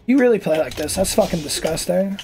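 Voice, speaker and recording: A man's voice: high-pitched, animated, fairly quick, darkish tone, soft background music. A man giving casual, profane gameplay commentary as a streamer, trash-talking and easily annoyed. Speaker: gaming streamer.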